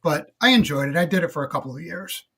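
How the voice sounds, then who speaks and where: A middle-aged man with a slightly higher-pitched voice, chatting casually as a podcast guest. His delivery is relaxed and reflective and full of little fillers. He talks like someone recalling old jobs at an easy pace. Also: quick pace, gravelly, breathy edge. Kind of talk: casual interview storytelling.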